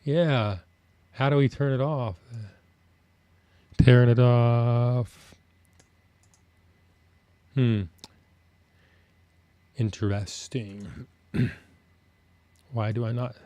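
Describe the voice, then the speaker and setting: A man's voice: medium pitch, fairly even intonation, drawn-out words, long pauses, highs cut off. A man hosting a live stream, chatting casually with viewers and muttering to himself while fixing his audio.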